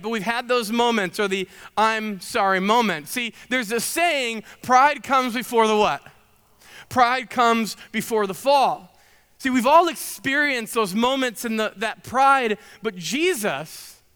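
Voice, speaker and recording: A man's voice: high voice, sharp tone, clean tone, long reverb tail. A man in his thirties preaching a sermon, telling chatty self-deprecating stories full of fillers. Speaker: pastor.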